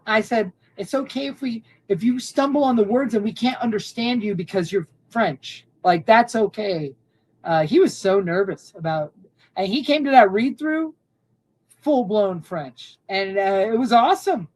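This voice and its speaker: A woman filmmaker talking casually in an interview, animated and acting out quotes from her shoot. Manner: animated, acts out quotes in high voices. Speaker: filmmaker guest.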